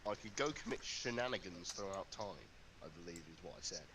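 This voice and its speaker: A man playing a party game, rambling and hesitant as he improvises a pitch. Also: animated, a little fast. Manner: rambling, hesitant, laughing between lines. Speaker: game player. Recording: loud background noise.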